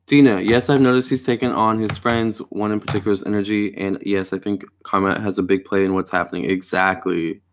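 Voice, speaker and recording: A man's voice: on the low side, steady tone, fairly quick, few pauses, slight background noise. Chatty man hosting a tarot live stream. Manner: chatty, reads viewer comments aloud, repeats "all right" and "you guys". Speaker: tarot reader and astrologer host. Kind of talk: casual live stream chat.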